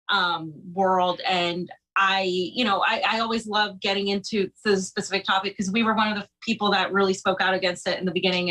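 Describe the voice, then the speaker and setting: A woman's voice: medium pitch, pushed and bright, rough recording. A woman co-hosting a casual political talk show, talking conversationally with many fillers and restarts. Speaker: podcast co-host.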